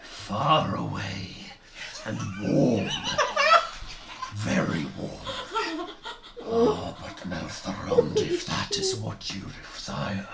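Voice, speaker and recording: A game master voicing a reanimated dead male wizard who speaks slowly in an old-fashioned, solemn way. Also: mid-range voice, wildly swooping pitch, pitched below the performer's own voice, heavily acted. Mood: wistful. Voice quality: slow, creaky and archaic. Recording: echoey room with noise.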